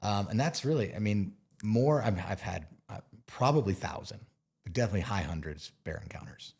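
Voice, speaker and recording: A man with a notably low-pitched voice talks easily as an interview guest. He explains in a relaxed, conversational way and sometimes acts out little scenes to make a point. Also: fairly quick, vocal fry, breathy edge. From Montana. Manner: relaxed, explains with playful acted-out asides. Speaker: bear expert guest. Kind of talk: casual interview talk.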